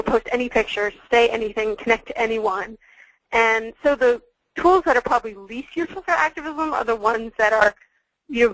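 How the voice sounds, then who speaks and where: A woman's voice: fairly high pitch, creaky, a bit bright, no room sound, poor audio. A woman speaking as a guest on a webinar, explaining things in a chatty way with lots of fillers and restarts. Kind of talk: conversational webinar talk.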